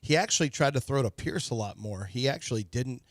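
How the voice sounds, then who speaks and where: Animated joking male radio co-host. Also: medium pitch, brisk, no room sound. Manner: animated, joking, slips into playful mock voices. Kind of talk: casual sports talk. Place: radio studio. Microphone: studio mic.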